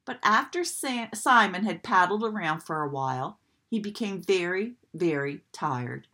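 Slow, expressive woman reading a children's story. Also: lowish voice. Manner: expressive, gentle.

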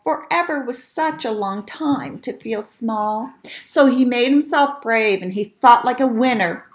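Slow, very expressive woman storyteller. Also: a little high. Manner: expressive, playful. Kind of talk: reading a rhyming storybook aloud.

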